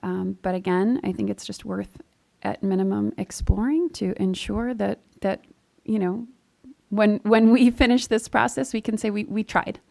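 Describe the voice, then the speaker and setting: A woman's voice: mid-range voice, fairly even intonation, normal speed, creaky, a little mellow. A woman commissioner making her case in a public meeting, earnest, with stumbling restarts. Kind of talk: meeting discussion.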